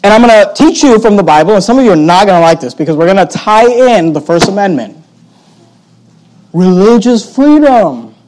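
High-voiced, emphatic preaching man. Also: very animated, moderate pace, low-quality recording. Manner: emphatic and sarcastic, swinging between loud and hushed. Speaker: pastor. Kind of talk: sermon.

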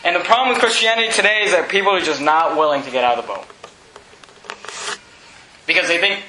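A man preaching a sermon as pastor, fervent and loud, shouting at times and then dropping low. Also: quick pace, roomy sound, a little hiss or hum, rough recording.

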